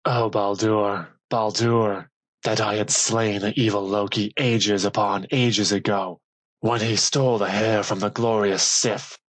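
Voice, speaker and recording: A man doing a furious, grieving thunder god in a storybook reading, booming out each line with slow, heavy weight. The voice sits low and a bit husky, close and dry. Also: fairly bright tone, no room sound. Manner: booming, declamatory. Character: thundering grief-stricken male god of thunder.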